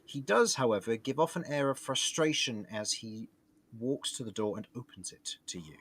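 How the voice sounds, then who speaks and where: A man narrating a tabletop game as game master, lively and laughing often. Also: mid-range voice, moderate pace, slight background noise. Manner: lively, laughs often while describing scenes.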